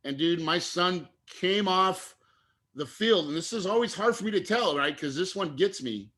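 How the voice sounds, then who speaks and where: A middle-aged man telling a heartfelt personal story as an interview guest, earnest and animated, getting choked up at times. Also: high-pitched, normal speed. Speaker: guest investor.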